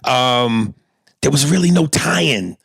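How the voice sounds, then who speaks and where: Gravelly-voiced blunt male podcast host. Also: medium pitch, expressive, slow, a bit bright, no room sound. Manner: profane, blunt, reads aloud with acted bits. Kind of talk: casual podcast chat, reading listener emails.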